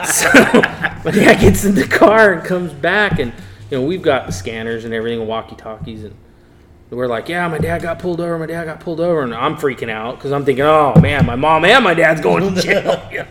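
With a crowd audible behind him, a middle-aged hot rod racer relates a racing story in a casual interview, animatedly acting out quoted voices and laughing a lot. He speaks fairly quickly in a slightly high voice.

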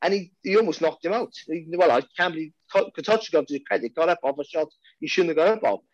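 A man's voice: a little high, fast talker, no echo, lo-fi sound. A man with a Welsh accent, a boxing commentator chatting casually and restarting his sentences often. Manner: rambling, many restarts and repeated words. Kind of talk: casual podcast chat.

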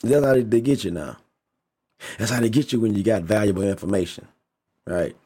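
A man with a low, dark voice and a husky edge talks straight to camera in a loose, unscripted rant. He swears freely, leans on slang and repeats phrases to hammer his points home. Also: a little fast. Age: adult. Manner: emphatic, repetitive, heavy swearing, slangy. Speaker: vlogger. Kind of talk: casual opinion rant.

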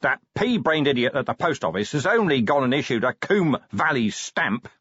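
A man doing a gruff, irritable police commander. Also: mid-range voice, big pitch swings, normal speed, fairly bright tone, dry recording, highs cut off, pitched above the performer's own voice. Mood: exasperated. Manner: growling, exasperated. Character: gruff, short-tempered middle-aged male police commander. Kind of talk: audiobook character voice.

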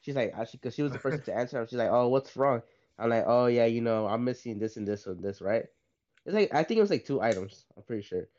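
A man's voice: medium pitch, animated, quick pace, darkish tone. A young man, a podcast co-host, casually telling a rambling story, tagging "right?" and "like" onto his sentences. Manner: rambling, says "right?" and "like" a lot. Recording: slightly dull lo-fi sound.

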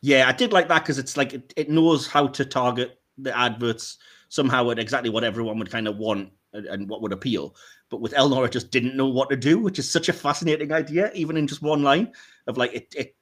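A man co-hosting a podcast in casual chat, animated and laughing often as he rants. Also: medium pitch, fairly quick. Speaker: podcast co-host.

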